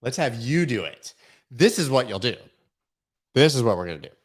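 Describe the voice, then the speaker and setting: A man's voice: medium pitch, sing-song, normal speed. A man hosting a casual livestream chat, rambling and joking with lots of filler words. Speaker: host.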